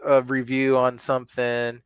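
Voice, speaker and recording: Slow, laid-back man in casual chat. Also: mid-range voice, completely flat delivery, clean tone, no room sound. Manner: laid-back, drawn-out storytelling with quoted asides. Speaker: podcast co-host.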